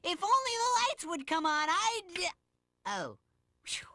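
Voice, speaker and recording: A goofy cartoon cucumber with a high, bright voice. His pitch leaps all over the place as he gets silly and dramatic, and the sound is dry and close. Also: huge pitch swings, no room sound, exaggerated voice. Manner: silly, dramatic, quick to panic. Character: goofy, excitable male cucumber. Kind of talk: cartoon voice acting.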